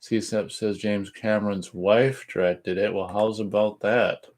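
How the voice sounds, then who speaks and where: A man co-hosting a casual radio show, reading listener chat comments aloud and adding relaxed asides. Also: on the low side, a little slow.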